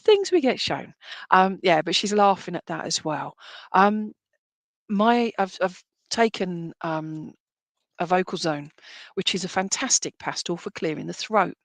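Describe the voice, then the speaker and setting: A woman's voice: on the low side, lively intonation, a little slow, dry recording. A woman working as a spiritualist medium, giving a chatty, affectionate live-streamed reading that rambles and restarts often. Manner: chatty, affectionate, addresses people as "my lovely".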